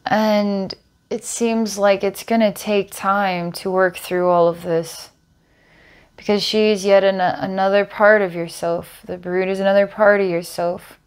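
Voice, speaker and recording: A woman working as a psychic healer, calmly describing visions during a guided healing session. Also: mid-range voice, measured pace, clean tone. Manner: calm, descriptive, storytelling visions.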